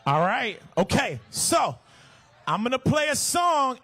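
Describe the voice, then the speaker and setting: A man working as an event MC, shouting playfully to a crowd of kids and running call-and-response games. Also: extremely high pitch, very animated, unhurried. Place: outdoor stadium fan event.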